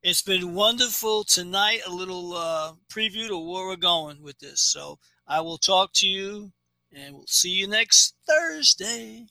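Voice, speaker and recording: A man's voice: sits high, measured pace, creaky, pushed and bright, low-quality recording. A man hosting a casual show, agreeing with his co-host and signing off for the night. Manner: affirming, wraps up the show.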